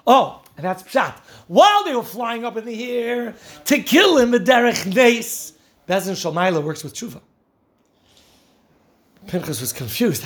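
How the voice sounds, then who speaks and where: A man giving a lively Torah talk, telling the stories with animation and frequent laughter. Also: very high voice, unhurried, pauses often. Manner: animated storytelling, laughing often, mixing Yiddish and Hebrew terms. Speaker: Torah teacher.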